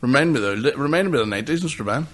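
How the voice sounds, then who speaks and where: A man's voice: mid-range voice, expressive, rapid-fire, a crowd in the background. A man, co-hosting a podcast and telling stories in casual, sweary chat, often laughing. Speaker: podcast co-host.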